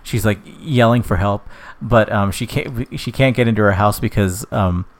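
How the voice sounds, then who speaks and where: A man's voice: on the low side, normal speed. Rambling, jokey young man co-hosting. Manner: jokey, rambling, laughs often. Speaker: podcast co-host. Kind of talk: casual comedic chat.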